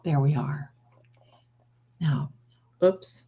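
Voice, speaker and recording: A woman's voice: low voice, extremely slow, mellow, husky, highs cut off. A woman hosting a tarot livestream in casual chat, affectionately calling her viewers "my darlings" while fiddling with her setup.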